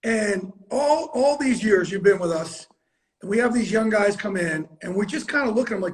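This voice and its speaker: A middle-aged man hosting a casual interview. His voice is pitched well above most men's. He talks bluntly and emphatically, with plenty of swearing. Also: animated, normal speed, poor audio. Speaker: host.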